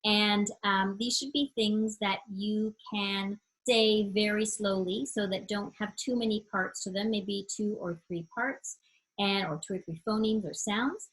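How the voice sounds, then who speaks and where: A woman educator speaks over a video call, her mid-pitched voice a little husky. She explains reading games to parents in a friendly, explanatory way. Now and then she stretches a word out slowly to demonstrate its sounds. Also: fairly even intonation, a bit bright, rough recording. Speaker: literacy educator leading a webinar. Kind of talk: online webinar teaching parents.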